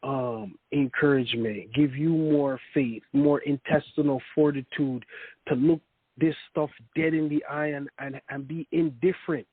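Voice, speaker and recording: A man calling in to a spiritual talk radio show, speaking slowly and deliberately. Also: on the high side, steady tone, husky, no echo. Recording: dry, narrow phone line.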